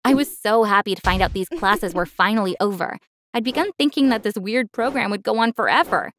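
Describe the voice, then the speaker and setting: A woman narrating an animated first-person story in a clear, expressive scripted voice. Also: medium pitch, a little fast, slight background noise.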